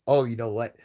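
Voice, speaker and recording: A man's voice: medium pitch, mellow. A young man hosting a UFO live stream, swearing a lot and mocking people in a casual rant. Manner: profane, mocking, laughs often, does exaggerated voices when quoting. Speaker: UFO channel host.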